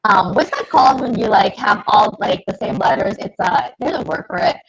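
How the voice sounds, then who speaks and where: A woman's voice: fairly high pitch, lively intonation, moderate pace, gravelly, highs cut off, noisy background. A woman co-hosting a casual livestream chat, talkative and laughing, eating while she talks. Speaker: podcast co-host.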